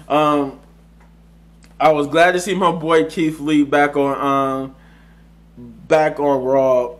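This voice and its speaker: A man's voice: on the high side, steady tone, slow pace, pauses often. A man casually recapping a wrestling show, rambling with frequent restarts, self-corrections and chuckles. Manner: chuckles often while recounting. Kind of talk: casual solo review recap.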